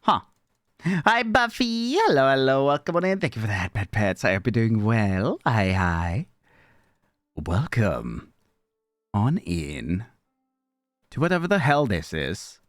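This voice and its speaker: Young male streamer, middle pitch, scattered and exasperated, swears at his gear, dry close mic. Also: big pitch swings, moderate pace, no room sound, faint music behind. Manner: jumps between mumbles and high squeaky outbursts. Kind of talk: live stream chat with viewers. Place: home streaming setup.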